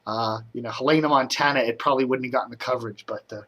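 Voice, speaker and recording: A middle-aged man from the Washington DC area, talking casually to camera about the news, rambling with lots of fillers and getting animated when riled. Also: mid-range voice, rapid-fire. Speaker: media commentary vlogger. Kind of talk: casual solo commentary.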